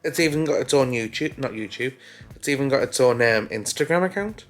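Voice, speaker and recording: A man's voice: medium pitch, animated, fairly quick, faint music behind. A man chatting casually on his vlog, talkative and insistent. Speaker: vlogger. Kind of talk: casual chat.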